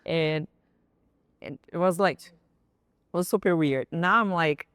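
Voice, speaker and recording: Woman, Brazilian accent, low pitch, dry close recording, frank casual chat. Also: a little slow, smooth, dry recording. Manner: frank, laughing, animated storytelling. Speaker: podcast guest.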